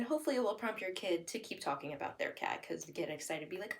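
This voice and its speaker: A young adult woman with a lowish, gravelly voice talks quickly with few pauses, showing parents listening and speech strategies. Plain explanations give way to lively sing-song demos directed at a child. The mic is distant and the audio quality poor.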